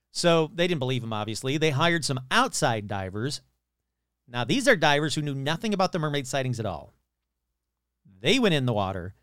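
A man's voice: medium pitch, fairly bright tone, clear, resonant tone, no room sound. A man hosting a casual podcast, telling stories with swearing and sarcastic, skeptical asides into a close mic. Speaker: podcast host.

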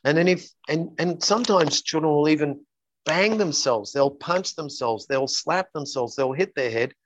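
A man's voice: a little high, moderate pace, low-quality recording. A man speaking as an interview guest, earnestly telling stories and acting out the dialogue in them. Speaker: guest, coach. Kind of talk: interview storytelling.

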